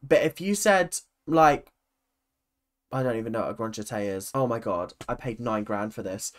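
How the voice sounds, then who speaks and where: A woman's voice: rumbling low, normal speed. A woman hosting a reaction video, chatting sarcastically and exclaiming at clips. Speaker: YouTube reaction host. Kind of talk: casual reaction commentary.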